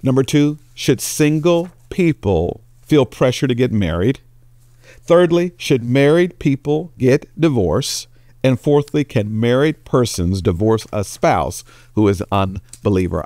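A man's voice: measured pace, no room sound. A male pastor giving a sermon, telling jokes and storytelling with big jumps in his voice. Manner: animated storytelling, voice jumps high for characters.

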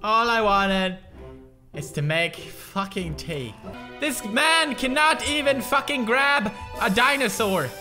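A man with a Swedish accent, a native Swedish speaker, giving gaming commentary, raging, swearing and yelling at the game. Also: sits high, animated, slow pace. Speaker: gaming video creator. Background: game music.

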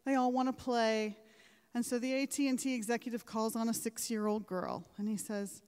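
This commencement speaker has a voice on the high side yet darkish, clear, and resonant, with fairly even intonation and a moderate pace. Her formal ceremonial speech engages the audience through rhetorical questions and anecdotes, echoing through a large hall.

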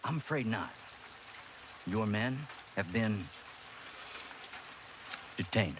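An actor playing a cool, smug mercenary commander who speaks in a calm, measured, menacing way. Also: male voice, fairly low pitch. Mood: coolly menacing. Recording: rain noise behind game audio.

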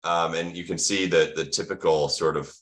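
A man's voice: low voice, fairly even intonation, moderate pace, fairly bright tone. A middle-aged American man giving an online medical lecture, asking the audience questions and answering them himself with teacherly enthusiasm. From United States.

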